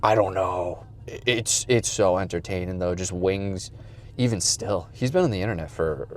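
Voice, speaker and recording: A man's voice: deep voice, normal speed, a little hiss or hum. A man chatting casually as a podcast host, telling a rambling, profane story and acting out quotes. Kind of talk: casual chat.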